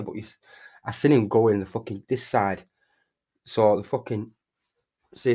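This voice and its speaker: A man's voice: on the low side, darkish tone. A young man, casually telling a rambling, sweary story while streaming. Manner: rambling, heavy swearing, frequent restarts.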